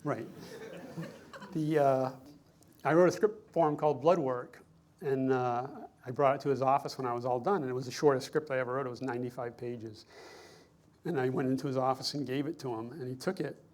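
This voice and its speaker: A man's voice: mid-range voice, fairly even intonation, brisk, darkish tone. Amused man telling stories at a lecture. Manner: conversational, self-correcting, amused. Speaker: screenwriter giving a lecture. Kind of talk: anecdotal lecture storytelling.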